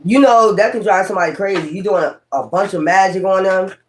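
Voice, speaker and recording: A man's voice: high voice, fast talker. A man doing a casual tarot reading, talking in a blunt, profane, rambling and preachy way. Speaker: tarot reader.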